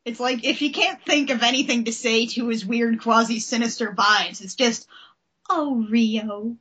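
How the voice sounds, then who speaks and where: A woman's voice: on the high side, normal speed, pushed and bright, slightly rough. A woman co-hosting a podcast, chatting casually through a recap and laughing often. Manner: giggly, playful, laughs often. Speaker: podcast co-host.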